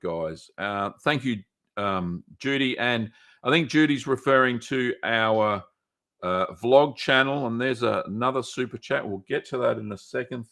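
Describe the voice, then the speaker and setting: A man's voice: mid-range voice, fairly bright tone. A man hosting a casual live stream, answering viewer questions with many ums and restarts. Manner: rambling, many ums and restarts, reads chat aloud.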